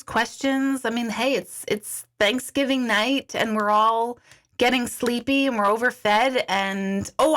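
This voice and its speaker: A woman's voice: fairly high pitch, fairly bright tone. A middle-aged woman chatting casually on a livestream, answering viewer comments in a chatty, giggly way with many restarts. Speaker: intuitive coach hosting a livestream. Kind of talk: casual live chat reading viewer comments.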